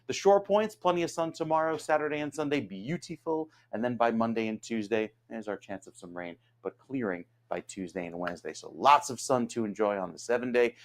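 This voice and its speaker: A man, a meteorologist giving a morning weather forecast in a steady, informal way. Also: medium pitch, fairly quick, few pauses.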